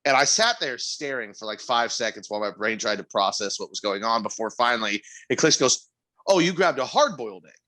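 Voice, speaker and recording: A man's voice: lowish voice, brisk, few pauses. A man co-hosting a podcast, telling a frustrating work story in casual chat, exasperated and swearing, his voice jumping up in disbelief. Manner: animated, exasperated, swears freely, rising to near-shouts. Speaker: podcast co-host.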